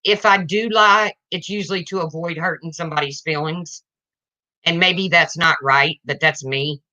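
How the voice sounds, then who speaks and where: A woman's voice: lowish voice, fairly even intonation, normal speed, sharp tone. A woman livestreaming to her viewers, ranting in an indignant, confrontational way and addressing them directly.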